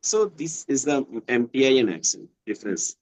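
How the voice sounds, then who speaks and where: A man's voice: medium pitch, sing-song, moderate pace, a little mellow, a little hiss or hum, poor audio. A man from western Uttar Pradesh with an Indian English accent and Hindi as his first language. He explains things patiently in casual conversation practice and often repeats words while he searches for phrasing.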